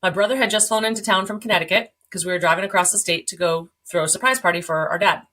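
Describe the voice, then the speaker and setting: A woman in her forties telling her story as a podcast guest, animated, acting out quoted dialogue, swearing and laughing along the way. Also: on the low side, fast talker. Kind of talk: candid storytelling.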